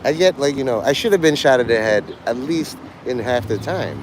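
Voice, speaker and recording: Over slight background noise, a man with a medium-pitched, expressive voice talks briskly on a livestream. His rambling chat lurches crudely from joke to joke, punctuated by laughter.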